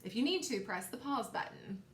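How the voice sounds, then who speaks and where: A woman's voice: a little high, expressive, a little hiss or hum. Encouraging woman teaching children phonics. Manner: slow, encouraging, repeats sounds for kids to echo. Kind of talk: recorded phonics lesson for young children.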